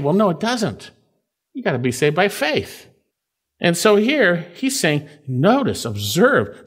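A man's voice: mid-range voice, fairly bright tone. A man preaching a verse-by-verse Bible sermon in a conversational way, repeating phrases and checking in with his listeners.

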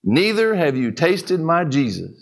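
Man voicing an old preacher, folksy country grammar, calm, slightly raised pitch. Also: normal speed, very noisy, natural voice. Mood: folksy, plain. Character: humble old male preacher, plain-spoken and calm.

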